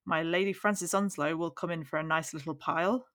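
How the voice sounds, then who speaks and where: A woman's voice: low-pitched, steady tone, brisk, fairly bright tone. Woman reading a chatty, gossipy old lord. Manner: chatty, gossipy storytelling with exclamations. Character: fat jovial older male lord, gossipy. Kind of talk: audiobook character reading.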